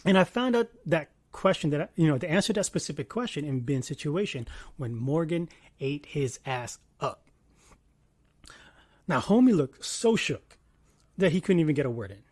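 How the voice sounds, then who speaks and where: A man in his thirties giving a casual commentary monologue, animated, swinging between loud bursts and quiet asides and swearing freely. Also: fairly high pitch, moderate pace, no room sound. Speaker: commentary vlogger.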